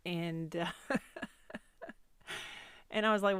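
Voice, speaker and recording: A woman in her fifties talks through a personal memory in a candid, self-deprecating way, circling back and restarting her sentences. Her voice sits a little low for a woman. It is recorded close and dry, with no room sound. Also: slow, a bit bright, smooth, no echo. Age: 50s. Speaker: podcast host. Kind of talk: personal storytelling monologue.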